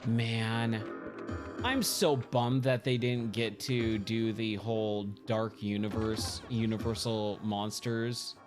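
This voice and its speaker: A man's voice: on the low side, flat delivery, slow pace. A man streaming a pinball game, chatting casually and rambling, often repeating himself as he thinks aloud. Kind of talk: casual gameplay chat. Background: game music.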